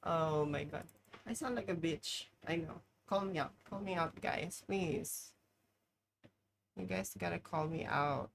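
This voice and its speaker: A woman's voice: lowish voice, a little slow, gravelly, slight background noise, poor audio. A woman streamer talking through a live game, exclaiming, swearing and poking fun at herself. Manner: swearing, exclaiming, self-mocking. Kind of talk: live gameplay commentary.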